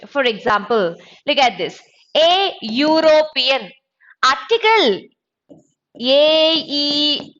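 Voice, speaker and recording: A woman teaching an exam-prep grammar lesson, slow and deliberate, spelling out letters and sounds. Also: high-pitched, fairly bright tone, lo-fi sound.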